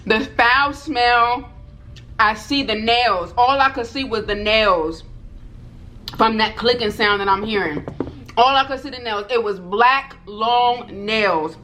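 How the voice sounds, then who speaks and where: Bright-voiced woman telling a storytime. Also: a little high, slow, a little hiss or hum. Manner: animated, repeats herself, addresses viewers directly. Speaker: vlogger. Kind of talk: storytime vlog.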